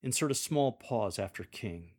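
A man giving measured, deliberate instructions on how to read scripture aloud to a congregation. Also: medium pitch, expressive, darkish tone. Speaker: lector coach. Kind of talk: instructional coaching on scripture reading.

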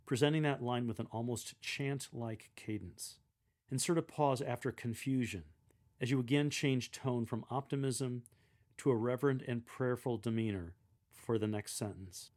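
A man giving measured, deliberate instruction on how to proclaim a scripture reading aloud, speaking clearly as a lector coach. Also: medium pitch, a little mellow.

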